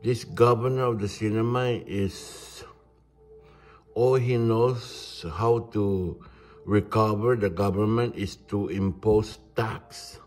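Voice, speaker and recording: A man, ranting in a halting, indignant monologue. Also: lowish voice, fairly even intonation, a little mellow. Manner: indignant, halting, restarts words. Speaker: vlogger.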